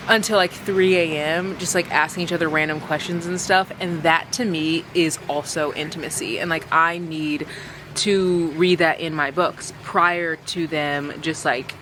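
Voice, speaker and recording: A woman's voice: lowish voice, steady tone, unhurried, background noise. A young woman vlogging about books in a casual, chatty way, full of fillers. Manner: chatty, filler-heavy, reads dialogue aloud. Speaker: book vlogger.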